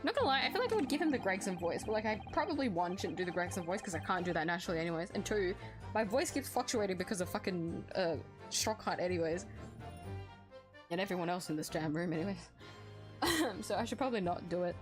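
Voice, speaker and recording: A woman's voice: on the low side, animated, quick pace. Chatty young woman streaming a game. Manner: chatty, swearing, laughing asides. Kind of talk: casual let's-play commentary. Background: background music.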